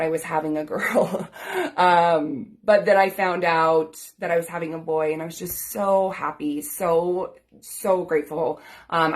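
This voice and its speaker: A woman in her thirties, a life coach, telling her own story in an earnest, grateful, chatty way full of "like" and "um" fillers. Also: deep voice. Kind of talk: personal storytelling to camera.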